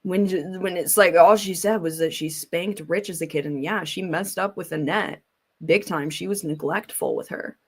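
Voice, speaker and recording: A woman's voice: fairly low pitch, normal speed, slightly rough. Blunt woman rambling in reaction commentary. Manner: blunt, rambling, swears casually. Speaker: commentary host.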